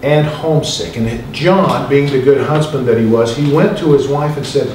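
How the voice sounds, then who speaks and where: A man's voice: medium pitch, moderate pace, noisy background. Chatty man telling stories in an echoey hall. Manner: chatty, jokey storytelling with asides to the audience. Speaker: filmmaker giving a talk. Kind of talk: storytelling talk to an audience. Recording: echoey hall, mic far off.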